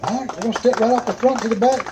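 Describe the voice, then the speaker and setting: A man's voice: extremely high pitch, racing, very noisy. A man with a Southern US accent emceeing a live outdoor fishing tournament weigh-in, with folksy, joking crowd banter.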